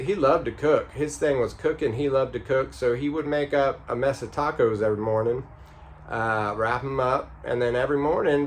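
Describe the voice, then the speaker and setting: A man telling a story casually, rambling and halting with many fillers and restarts. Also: medium pitch, a little hiss or hum. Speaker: vlogger.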